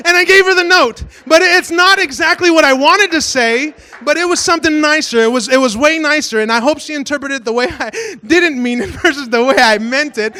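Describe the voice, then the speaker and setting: A man pastor giving a casual storytelling sermon, animated and self-mocking, acting out voices in his stories. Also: very high-pitched, normal speed, long pauses.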